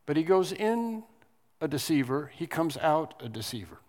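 A man's voice: a little high, big pitch swings, normal speed, darkish tone. Earnest preacher man in a reverberant hall. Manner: earnest, rises to emphatic stress on key words, with frequent restarts. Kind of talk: sermon.

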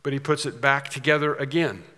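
A man preaches with a bright, forceful voice that carries a long reverb, as if in a big church sanctuary. He talks conversationally, restarting his sentences, and slows down when he reads scripture aloud. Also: mid-range voice, fairly even intonation. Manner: conversational, with repeated restarts and dramatic slowed scripture reading. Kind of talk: sermon.

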